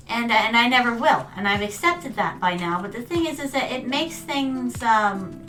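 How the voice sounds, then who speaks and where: Fairly high in pitch and fairly bright in tone, a woman VTuber game-streams and tells stories, calling her audience "my darlings." The mic is some distance away.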